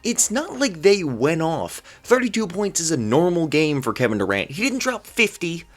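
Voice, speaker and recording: A man's voice: on the high side, big pitch swings, normal speed. A man vlogging basketball commentary in a solo rant, exasperated and incredulous, firing off rhetorical questions and stammering when flustered.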